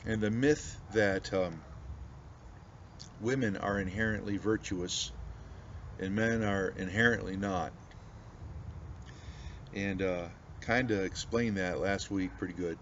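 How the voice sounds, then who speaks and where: A man's voice: lowish voice, slow, long pauses. A man from the United States, a pastor chatting casually to viewers in a rambling, folksy way with many restarts. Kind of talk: casual pipe-smoking video chat. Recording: slightly dull audio with faint background noise.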